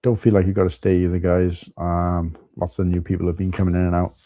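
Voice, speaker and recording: Man, Welsh accent, low voice, very warm dark tone, casual livestream chatter. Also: flat delivery, a little fast, dry recording. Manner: chatty, greets viewers by name, rambling asides. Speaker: livestream host. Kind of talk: casual live-stream chat. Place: at home.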